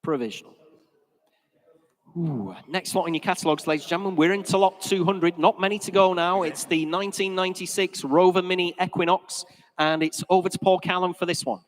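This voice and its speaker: A man working as auctioneer at a live car sale, calling bids in a brisk, rhythmic patter in a sale room. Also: high voice. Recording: reverberant hall.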